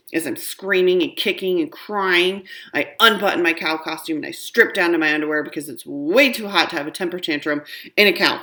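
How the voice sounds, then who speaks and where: A woman's voice: deep voice, a bit bright. A woman reading a children's book aloud, narrating expressively in a young girl's first-person voice. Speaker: audiobook reader.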